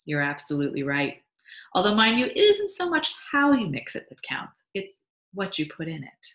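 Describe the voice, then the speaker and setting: A woman's voice: on the low side, huge pitch swings, normal speed, a bit bright, pitched above the performer's own voice. A woman voicing a sly, boastful male beekeeper who teases his wife, in a read-aloud story. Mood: teasing. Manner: teasing, pleased with himself. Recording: echoey room.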